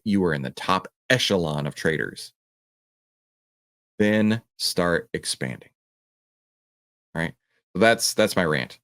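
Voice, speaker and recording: A man hosting a livestream Q&A, talking with passion and acting out voices of other people. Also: deep voice. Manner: passionate, animated, mimics a panicking trader. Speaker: host answering viewer questions. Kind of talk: livestream Q&A on stock trading.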